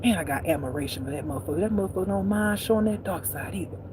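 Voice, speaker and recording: Woman ranting about spirit stuff, cussing a lot, preachy, goes loud then mutters low. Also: rapid-fire, background noise. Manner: blunt and preachy, swearing freely; swings between loud exclamations and low muttering. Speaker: spiritual life teacher. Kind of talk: profane spiritual rant monologue.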